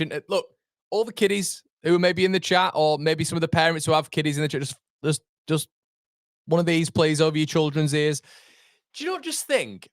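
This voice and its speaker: Exasperated football fan ranting live. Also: male voice, on the high side, brisk, dry recording, studio quality. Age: 30s. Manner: animated, rambling, swings from laughter to exasperated rants. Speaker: fan channel host. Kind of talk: live football watchalong chat.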